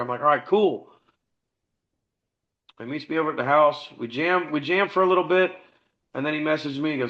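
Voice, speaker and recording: A man's voice: a little high, animated, brisk, sharp tone, lo-fi sound. A middle-aged man telling a rambling, profane story about his band and acting out the dialogue in a casual podcast interview. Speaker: podcast guest, musician.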